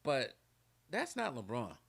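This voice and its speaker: A man hosting his own channel, giving casual opinion commentary in an animated, ranting way. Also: medium pitch, slow pace, vocal fry, husky. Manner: animated, ranting, laughs often.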